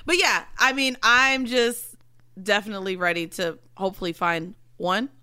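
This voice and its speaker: A woman's voice: mid-range voice, moderate pace, sharp tone, clear, resonant tone, no echo. A woman co-hosting a podcast in casual chat, brash, slangy and profane, laughing often. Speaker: podcast co-host.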